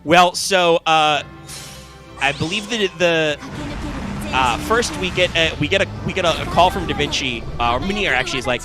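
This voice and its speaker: A man's voice: a little high, animated, normal speed, music in the background. A man co-hosting a casual gaming podcast, rambling with lots of fillers and restarts and casual swearing. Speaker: podcast co-host. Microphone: live stream microphone.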